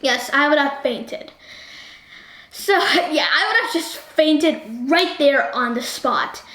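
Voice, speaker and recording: A woman reviewing a movie in a chatty, animated way, constantly asking the viewer what they think. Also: high-pitched, takes it slowly. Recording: roomy echo.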